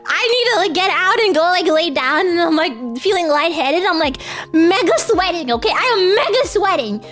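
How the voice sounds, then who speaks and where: A woman's voice: very high voice, animated, normal speed, a bit bright, faint music behind. A woman streamer telling a story in a casual livestream chat, rambling and giggly, with lots of fillers.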